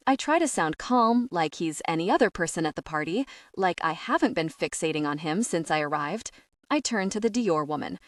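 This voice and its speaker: A woman narrating a first-person audiobook in a lively, expressive way. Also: lowish voice, normal speed, no echo, clean studio sound, distant mic.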